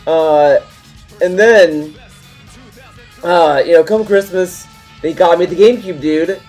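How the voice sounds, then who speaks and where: A man in his twenties, a livestream host telling a story in casual, rambling chat, full of restarts and animated turns. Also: fairly high pitch, slow, faint music behind.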